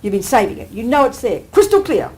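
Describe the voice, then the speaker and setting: Lively, fairly high-voiced woman Buddhist teacher. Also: fast, low-quality recording. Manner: animated, keeps asking listeners to agree; acts out everyday exclamations with sudden lifts. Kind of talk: live dharma teaching to an audience.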